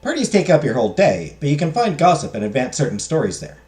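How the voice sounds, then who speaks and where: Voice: mid-range voice, sing-song, fast, a little mellow. A game streamer reading game text aloud and making joking, self-mocking asides while playing. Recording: roomy echo.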